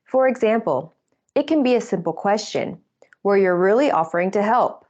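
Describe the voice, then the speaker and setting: Woman, lesson narrator, clear explanatory delivery, dull recording. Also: medium pitch, animated, normal speed, darkish tone.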